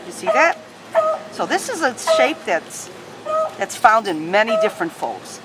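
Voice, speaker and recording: A woman's voice: medium pitch, big pitch swings, measured pace, very noisy. A woman teaching a paper-folding tutorial at home, guiding each fold patiently and step by step. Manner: patient step-by-step instruction, chats to her dogs. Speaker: origami teacher. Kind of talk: hands-on craft tutorial.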